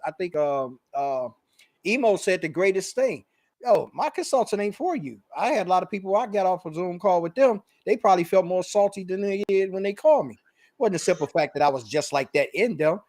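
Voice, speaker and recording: A man with a Chicago accent hosting a casual business talk show, animated and slangy, laughing often. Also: sits high, no room sound. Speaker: podcast host. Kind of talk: casual chat.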